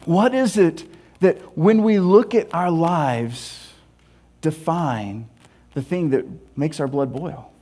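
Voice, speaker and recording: A man with a notably high voice delivers a sermon. He tells stories with animated humor and slips in playful asides. His delivery moves between quiet confiding stretches and lively bursts. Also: takes it slowly. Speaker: pastor.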